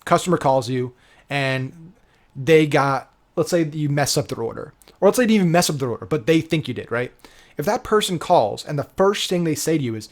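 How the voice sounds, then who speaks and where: This digital marketing coach, a man with a fairly high voice, teaches in an animated, slightly fast way. His casual instructional talk is emphatic, full of "right?" check-ins and casual swearing.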